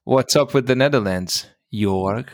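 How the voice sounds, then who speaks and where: A man's voice: medium pitch, measured pace, no echo, studio quality. A man from Germany co-hosting a podcast, chatting in a friendly, self-correcting way. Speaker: podcast co-host. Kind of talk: casual chat.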